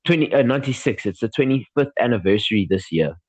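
A man's voice: mid-range voice, expressive, quick pace, slightly rough. A man co-hosting a podcast in casual chat, eager and gushing as he talks. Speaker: podcast co-host. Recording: dull, dry sound.

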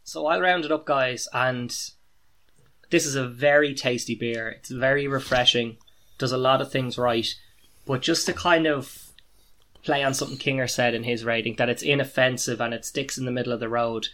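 A man's voice: medium pitch, fairly even intonation, normal speed, fairly bright tone. An Irish man co-hosting a beer podcast, chatting casually and giving his verdict on a beer. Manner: chatty, joking, reviewing beer. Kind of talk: casual chat.

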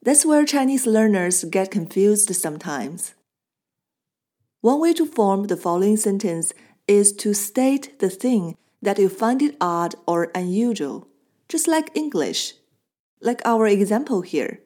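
Woman, language teacher, mellow warm tone, patient clear explaining, scripted lesson. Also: mid-range voice, animated. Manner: clear, patient explaining with slow model phrases.

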